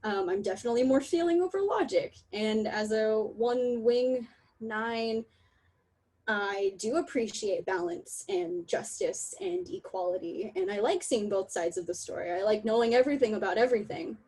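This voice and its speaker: A young woman giving a candid, emotional online talk over a video call, laughing often and apologizing in quick asides. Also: mid-range voice, expressive, darkish tone, rough recording. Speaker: talk presenter.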